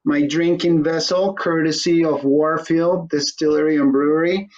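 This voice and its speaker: A man's voice: a little high, steady tone, moderate pace, darkish tone. Joking male host, dull lo-fi sound. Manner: irreverent, joking, swears casually. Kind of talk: casual joking interview.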